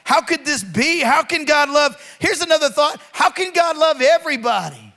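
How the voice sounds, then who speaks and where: A man preaching as a pastor, swinging from slow, drawn-out emphasis to sudden shouts and calling on the congregation to respond. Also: extremely high pitch, lively intonation. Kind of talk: sermon.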